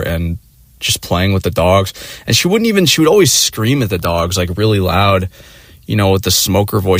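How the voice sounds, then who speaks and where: Rambling, profane young man, lowish voice. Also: no room sound, studio quality. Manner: rambling, profane, many fillers. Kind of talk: casual rant.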